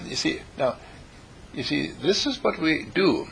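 A man's voice: a little high, unhurried, creaky, slightly rough. A man preaching a sermon, telling stories and acting out the characters in them. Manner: animated, acts out characters in the stories. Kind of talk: sermon with storytelling.

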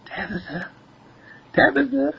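A man voicing a sweet five-year-old girl who whispers secrets, in a soft hushed whispered role-play on a dull lo-fi recording. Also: lowish voice, sing-song, slow, vocal fry, breathy edge, exaggerated voice. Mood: tender whisper.

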